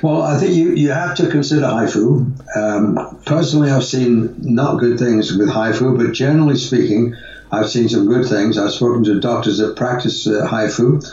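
A man's voice: mid-range voice, a little mellow, recorded from a distance. A man, a guest, giving long conversational answers in a rambling way, with restarts and fillers, in a roomy, dull-sounding recording made away from the mic. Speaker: guest, natural health advocate.

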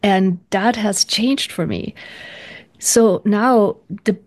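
A woman's voice: medium pitch, slow. A woman guest in an interview, talking earnestly and reflectively, often restarting her sentences. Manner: earnest, searching, many restarts.

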